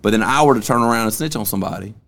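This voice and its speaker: A man's voice: lowish voice, racing, creaky, fairly bright tone. A young man on a casual podcast, telling stories from his school days in loose, slangy talk with plenty of cussing. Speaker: podcast host.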